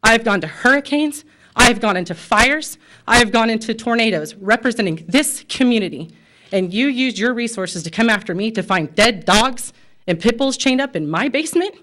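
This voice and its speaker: A woman's voice: a little high, expressive, moderate pace, a bit bright. An American woman and pet store owner speaking at a city commission meeting, impassioned and emotional, with frequent fillers. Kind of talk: public comment at a city meeting.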